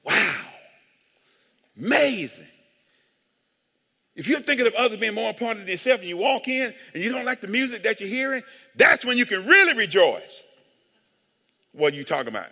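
Male pastor, high and bright, animated joking sermon delivery, long church reverb. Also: normal speed, long pauses. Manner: animated, joking, calls for amens. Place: church sanctuary.

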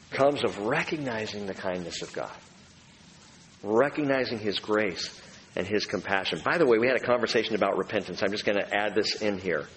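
A man preaching a sermon in a lively, animated voice that swings up and down in pitch. As a pastor, he acts out the voices he quotes. His voice carries a long reverb through a hall, with faint room noise behind it.

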